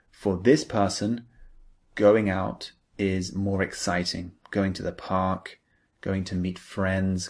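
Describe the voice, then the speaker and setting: Male English tutor, lesson narration; unhurried, lowish pitch, patient step-by-step explanations. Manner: slow, patient, explains each example step by step. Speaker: English teacher.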